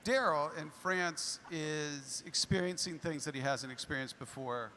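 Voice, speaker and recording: A man's voice: a little high, a little slow, bright, forceful tone. A man on a convention panel giving dry, evasive, teasing answers. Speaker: panel guest. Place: convention hall stage. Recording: reverberant hall with faint noise.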